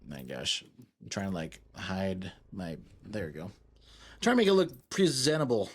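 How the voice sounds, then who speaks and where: A man's voice: deep voice, very animated, normal speed, husky. A young man chatting casually to his live-stream audience, goofy and rambling while he fiddles with his setup.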